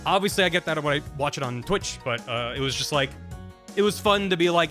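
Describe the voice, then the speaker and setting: A man's voice: on the high side, lively intonation, a little fast, pushed and bright, soft background music. A young man chatting casually on a live stream, rambling with frequent stammered restarts.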